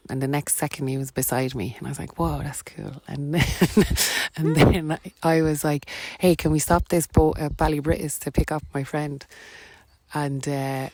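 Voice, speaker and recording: A woman's voice: very deep voice, darkish tone, no echo. Irish woman rambling through a personal story. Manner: rambling, filler-heavy, laughs between lines. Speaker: podcast guest, wellness coach.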